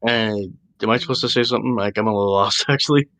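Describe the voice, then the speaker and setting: A man playing a tabletop game, talking bluntly and casually and quick to joke. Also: fairly low pitch, a bit bright. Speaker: player.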